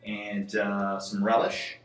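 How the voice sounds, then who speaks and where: A man's voice: fairly low pitch, level tone, slow. A man playing a courteous, fussy restaurant customer who orders in long detail and calls the waiter sir, in a live comedy skit. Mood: polite. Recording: echoey hall, voice from a distance, faint music.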